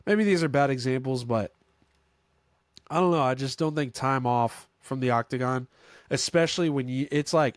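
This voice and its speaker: Man, podcast host, mid-pitched, dry close sound, loose rambling chat with excited spikes. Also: no room sound. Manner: rambling, self-correcting, filler-heavy; excitable bursts of enthusiasm. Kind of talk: casual solo sports chat.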